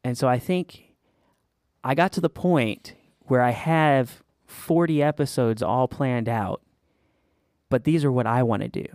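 A man in mid pitch hosts a casual faith podcast, earnest and encouraging as he tells stories. His voice sits close and dry on the mic, with no room sound at all. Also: a little slow, darkish tone, dry recording. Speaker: podcast host.

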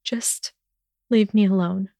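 A woman's voice: medium pitch, fairly even intonation, slow, vocal fry, dark tone, no room sound. Tearful young witch, mumbling and pleading, voiced by a woman narrator, dry sound. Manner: mumbling, pleading through sobs.

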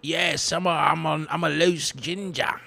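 A man's voice: a little high, steady tone, a little slow, gravelly, bright, forceful tone, pitched above the performer's own voice, heavily acted. A man voicing a crude, cheeky young British woman, a ginger, with an exaggerated British accent.

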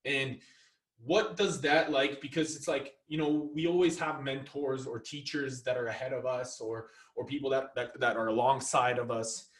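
Halting male host in an echoey room. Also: medium pitch, fairly even intonation, recorded from a distance. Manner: halting, many fillers and restarts. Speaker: podcast host. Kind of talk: casual interview.

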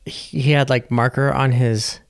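An easygoing man co-hosts a podcast, trading playful remarks and chuckling along. His voice sits at a medium pitch, and the recording sounds dry and close. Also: level tone, measured pace, vocal fry, clear, resonant tone, no room sound. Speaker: podcast co-host. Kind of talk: casual chat.

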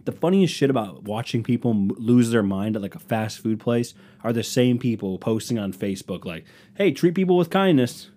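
A young man on his own podcast speaks fairly quickly in a low, mellow voice with hardly any pauses, ranting sarcastically and comically about rude customers while imitating them in exaggerated voices.

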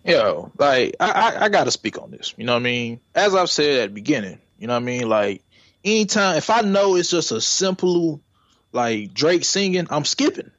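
A man's voice: on the high side, sing-song, moderate pace, a bit bright, dry recording, highs cut off. A man chatting casually on a podcast, rambling and often asking if you know what he means. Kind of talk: casual chat.

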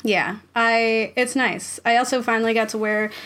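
A woman hosts a podcast in casual, chatty talk, often laughing and saying "like." Her voice sits a little high. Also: fairly even intonation, normal speed, a bit bright. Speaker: podcast host. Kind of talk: casual chat.

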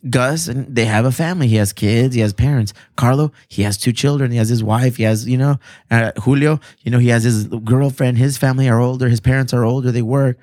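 A man's voice: mid-range voice, fairly even intonation, fairly quick, darkish tone. A man chatting casually on a podcast, cursing freely and dropping Spanish slang. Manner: profane, laid-back, mixes in Spanish slang. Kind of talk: casual chat.

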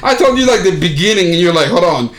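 Male podcast co-host, higher voice, rowdy and profane storyteller, echoey room. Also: quick pace. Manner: profane, animated storytelling, laughs through punchlines. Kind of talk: casual chat.

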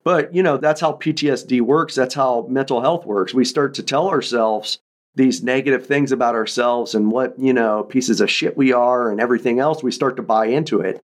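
Earnest halting man in his thirties. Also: mid-range voice. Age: 30s. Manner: earnest, halting, reflective, with frequent restarts. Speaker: podcast guest, military veteran. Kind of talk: personal storytelling in an interview.

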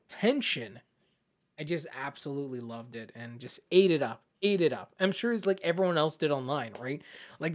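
A man co-hosting a casual film podcast, excitable and animated, often acting out scenes as he talks. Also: fairly high pitch. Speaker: podcast co-host. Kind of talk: casual film review chat.

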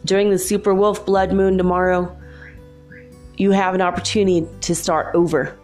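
Animated woman telling a story. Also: lowish voice, moderate pace, faint music behind. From Los Angeles, USA. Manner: animated, confiding, laughs while telling. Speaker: spiritual speaker. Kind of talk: storytelling monologue.

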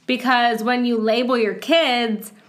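A woman's voice: a little high, fairly even intonation, a little slow. A woman in her thirties in casual chat as a podcast co-host, talking with lots of "like" and acting out quoted voices. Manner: chatty, full of "like", acts out quoted voices.

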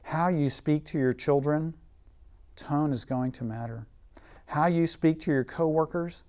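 Brief: male preacher, sermon with stories, goes soft and quiet to make a point. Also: a little high. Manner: storytelling, drops to a soft, quiet voice for emphasis.

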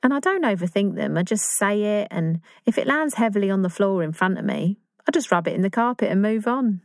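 A woman's voice: medium pitch, expressive, a little fast, darkish tone, dry recording, lightly acted. A woman playing a gushing English girl in love. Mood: excited. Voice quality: chatty, confiding, self-conscious. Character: earnest, awkward young woman in love. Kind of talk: dramatic monologue.

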